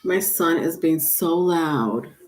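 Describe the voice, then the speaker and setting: A woman's voice: sits low, slow. A woman doing a live-stream tarot reading, chatting casually and reading viewer comments aloud. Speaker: tarot reader.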